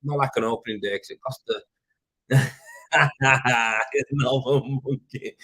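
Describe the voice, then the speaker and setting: A man's voice: medium pitch, extremely slow, pushed and bright, breathy edge, low-quality recording. A man with a Yorkshire accent hosting a casual livestream, rambling and chatty as he reads viewer comments. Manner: rambling, chatty, with fillers and swearing. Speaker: livestream host. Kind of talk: casual live chat reading viewer comments. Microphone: plugged-in desk mic.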